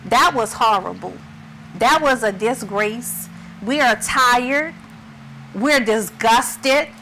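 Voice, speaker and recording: A middle-aged woman on a talk show speaks slowly and with emphasis. Her voice is bright and sits a little high. Faint noise hums behind her. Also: poor audio. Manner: slow, emphatic and tearful. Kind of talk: impassioned discussion.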